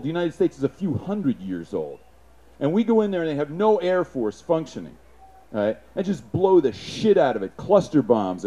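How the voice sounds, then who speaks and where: A man giving an impassioned, profane public speech, punctuated with shouted sound effects. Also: on the high side.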